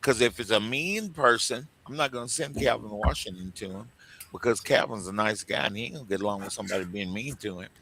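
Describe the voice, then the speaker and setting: A man's voice: lowish voice, fast talker, background noise. A man from co-hosting a radio talk show on recruiting, joking and laughing often in casual chat.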